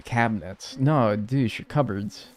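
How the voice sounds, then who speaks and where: A man's voice: medium pitch, measured pace. A man chatting casually with his live-stream audience, playful and mock-outraged, swearing as he jokes.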